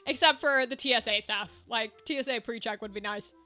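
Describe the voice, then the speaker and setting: A woman's voice: on the high side, brisk, sharp tone. A young woman streaming a video game, chatting casually with viewers and thinking aloud as she sorts gear. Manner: chatty, thinks aloud while managing equipment. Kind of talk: casual gameplay chat with viewers. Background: game music.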